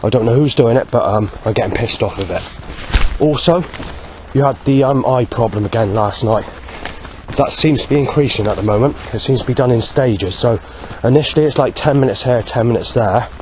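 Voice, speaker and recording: Hesitant man with a flat delivery. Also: mid-range voice, slight background noise. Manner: hesitant, many pauses and "um"s, lists things one by one. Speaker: vlogger. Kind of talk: rambling personal video diary.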